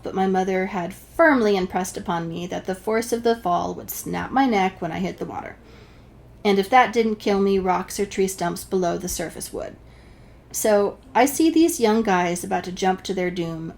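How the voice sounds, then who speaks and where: A woman's voice: medium pitch, darkish tone. A woman from New Hampshire telling a personal story to the camera, wry and self-deprecating. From New Hampshire, USA. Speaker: vlogger.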